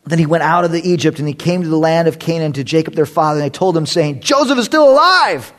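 A man's voice: on the high side, flat delivery, fast talker, a little mellow. A man preaching a sermon as a pastor, joking and conversational, often breaking into laughter.

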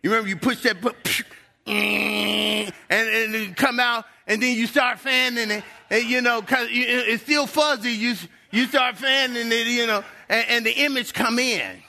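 A man's voice: extremely high pitch, steady tone, a little slow, bright, forceful tone. A middle-aged male pastor preaching a sermon in a church, emphatic and drawing out key words.

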